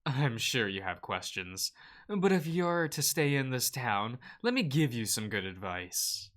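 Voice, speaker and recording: A man's voice: medium pitch, very animated, a little slow, fairly bright tone. Man voicing a stern, curt woman doctor. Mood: cool, stern. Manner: curt, commanding, dry. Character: stern intimidating female doctor from Holland.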